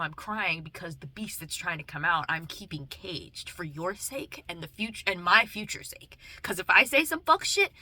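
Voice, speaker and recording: A young woman vlogging in a loose casual chat, shifting between gentle comfort and cussing rants. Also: on the low side. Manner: loose and playful, drifting between tender comfort and profane rants. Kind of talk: casual heartfelt chat to camera.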